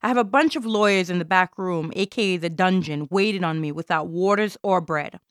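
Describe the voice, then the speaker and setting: A woman's voice: on the low side, fairly quick, no echo, studio quality. A woman from Jamaica performing an intense, theatrical spoken-word monologue.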